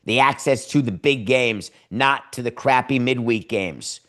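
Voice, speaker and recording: A man hosting a sports talk show, giving opinionated commentary. He lectures emphatically, stretches words to make a point, and fires off rhetorical questions and quick asides. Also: medium pitch, fairly bright tone. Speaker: podcast host.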